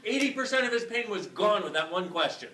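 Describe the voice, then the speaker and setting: Guy teaching a class, lively storytelling with swearing, bright voice, echoey room from far off. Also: high-pitched, brisk. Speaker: workshop facilitator. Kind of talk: live talk to a class. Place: class venue hall.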